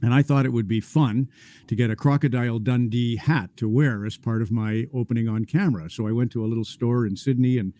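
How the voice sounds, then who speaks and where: A middle-aged man, moderating a panel and telling relaxed anecdotes with many filler uhs. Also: mid-range voice, fairly quick, no echo. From Canada. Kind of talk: casual storytelling.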